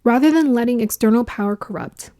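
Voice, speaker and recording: A woman's voice: a little high, a little fast, warm tone. A woman giving a casual spiritual astrology talk, musing aloud, laughing often and dropping into whispers for emphasis.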